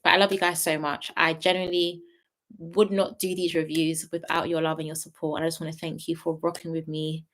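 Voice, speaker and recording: A woman's voice: sits low, little pitch movement, brisk, fairly bright tone. A young woman streaming live late at night, praying earnestly and then thanking her viewers, close to tears and repeating herself. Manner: earnest and heartfelt, repeating phrases. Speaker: YouTube reality-show reviewer.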